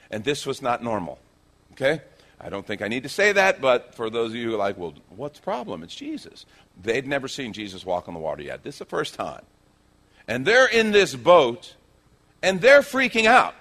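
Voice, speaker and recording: Animated man preaching a sermon. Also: mid-range voice. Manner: animated storytelling, acts out quotes. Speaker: pastor.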